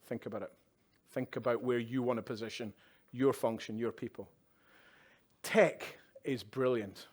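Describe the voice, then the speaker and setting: A male keynote speaker on a live conference stage talks in a medium-pitched voice with fairly even intonation, unhurried and with long pauses. He's conversational and chatty, dropping wry asides and checking in with the room with "yeah?"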